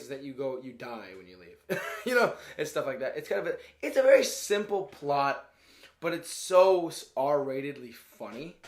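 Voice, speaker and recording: A man giving a casual, rambling movie review, often stopping to search for words and laughing as he goes. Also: a little high. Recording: roomy echo.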